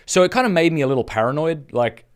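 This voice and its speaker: A man's voice: fairly high pitch, lively intonation, fast talker, smooth. An Australian man in his thirties, hosting a live stream and telling a personal story in a casual, earnest way with frequent restarts. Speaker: Catholic speaker and podcast host.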